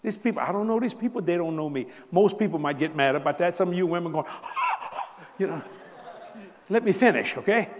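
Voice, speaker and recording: A man preaching a storytelling sermon, chatty and laughing along, swinging between loud exclamations and hushed near-whispers. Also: high-pitched, expressive, brisk, long reverb tail. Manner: conversational, laughs with the crowd.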